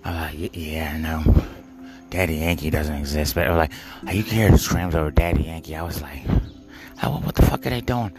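A man rambling through an absurd monologue, halting and stammering, full of fillers and offhand swearing. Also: very deep voice. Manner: halting, stammering, repeats words, heavy fillers; profane, offhand. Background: music.

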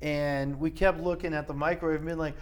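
A man's voice: on the high side, fairly even intonation, brisk. A man co-hosting a podcast, telling rambling, profane stories in casual chat. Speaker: podcast co-host.

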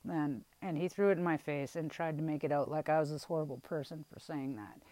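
Low-voiced woman telling a story in a rambling, candid way. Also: steady tone, dark tone, dry recording, rough recording. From Wisconsin, US. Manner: rambling, halting, with restarts and frank swearing. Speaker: vlogger telling a personal story.

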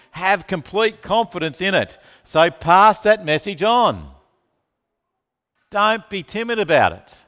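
Animated preacher guy, kinda high voice, long hall echo, keeps asking the crowd stuff. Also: slow pace. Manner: animated, asks the room questions, calls on listeners by name. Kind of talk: sermon to a congregation.

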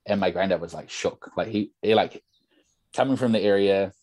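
A man's voice: deep voice, moderate pace, darkish tone, dry recording. A young man, a podcast guest telling stories in a casual, rambling way full of "like" and "bro". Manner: rambling storyteller, lots of "like" and "bro". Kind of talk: casual chat.

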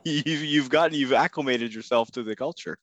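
A man hosting a podcast in casual conversation, easygoing and quick with agreeing backchannels. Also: mid-range voice, fairly bright tone, no room sound. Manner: easygoing, affirming with short backchannels. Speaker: podcast host.

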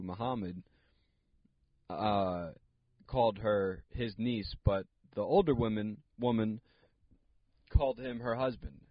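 A man's voice: fairly low pitch, dry recording. A young man hosting a solo comedy podcast, telling a rambling story full of fillers and asides. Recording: dull lo-fi dry sound.

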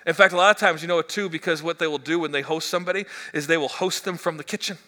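Lively preaching man in an echoey hall. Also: a little high, rapid-fire. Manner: animated, joking, stammering restarts. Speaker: pastor. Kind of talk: sermon. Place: church hall.

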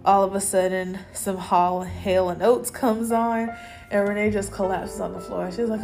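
A woman's voice: medium pitch, a little slow, gravelly, a little mellow, faint music behind. A woman hosting a podcast, recapping episodes alone in a casual chat, candid and opinionated with plenty of slang. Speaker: podcast host.

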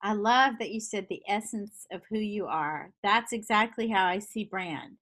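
A woman hosting an interview, responding to her guest warmly and enthusiastically before asking her next question. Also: medium pitch, normal speed. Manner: warm, affirming, enthusiastic. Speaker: interview host. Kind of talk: conversational interview.

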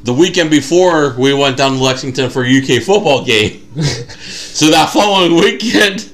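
Animated storytelling man on a podcast. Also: fairly high pitch, moderate pace. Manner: animated storyteller, acts out quotes. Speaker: podcast co-host. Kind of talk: casual chat.

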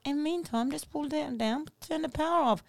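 A man's voice: extremely high pitch, normal speed, vocal fry, no room sound, voice pushed up. A woman quoting a friendly, helpful man she met, telling it in her storytelling voice. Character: friendly helpful middle-aged man at a flooded park.

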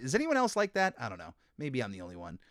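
A man's voice: mid-range voice, huge pitch swings, quick pace, fairly bright tone, dry recording, faint music behind. A man talking casually as a host about old cartoons, chatty with frequent fillers and restarts. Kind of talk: casual commentary.

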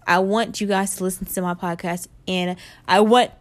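A woman's voice: mid-range voice, moderate pace. Upbeat woman in her twenties, podcasting. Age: 20s. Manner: chatty, upbeat and animated. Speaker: podcast host. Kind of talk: casual solo podcast chat.

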